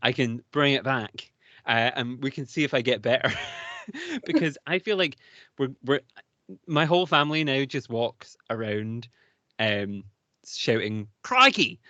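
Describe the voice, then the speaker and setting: This UK podcast co-host, a British man, keeps the casual conversation enthusiastic and rambling, with frequent laughter. His mid-range voice is a bit bright and measured in pace, with no echo and a lo-fi sound.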